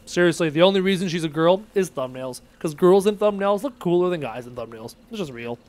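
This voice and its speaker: A man's voice: a little high, lively intonation, fairly quick, darkish tone. A young man live-streaming a game, casually reading chat messages aloud and answering them playfully. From Irish descent.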